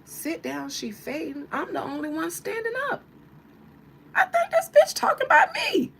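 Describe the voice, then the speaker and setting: A woman putting on an indignant woman singer, jumping into high squealing shouts and laughing through her lines. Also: wildly swooping pitch, moderate pace, gravelly, exaggerated voice.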